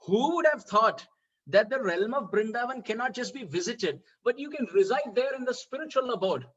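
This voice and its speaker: A man's voice: very high-pitched, animated, normal speed, fairly bright tone, slightly rough, muffled recording. A man giving a devotional lecture, asking rhetorical questions and chuckling often. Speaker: spiritual speaker.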